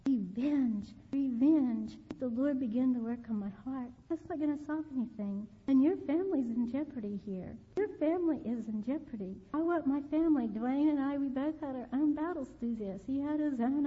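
An older woman with a high voice preaches in an earnest testimony, dwelling on phrases by repeating them. The sound is thin and phone-like, with a long reverb trailing behind it. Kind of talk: sermon testimony.

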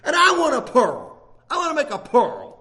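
A man preaching a sermon with passion, often shouting and laughing as he speaks. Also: very high voice, wildly swooping pitch, normal speed.

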